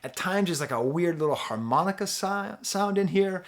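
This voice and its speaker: A man's voice: sits high, animated, normal speed. Chatty man reviewing an album. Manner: rambling, chatty, many fillers and restarts, laughs easily. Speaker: music reviewer. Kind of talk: casual album review talk.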